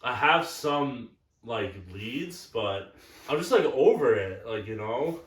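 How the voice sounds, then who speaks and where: A man's voice: medium pitch, animated, takes it slowly, far from the mic. Crude, rambling young man in an echoey room. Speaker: podcast co-host. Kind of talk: casual chat.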